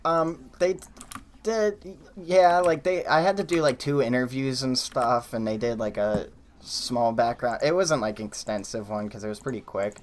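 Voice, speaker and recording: Young male streamer, middle pitch, hesitant filler-heavy casual chat. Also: normal speed. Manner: hesitant, lots of fillers and trailing off. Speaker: streamer host.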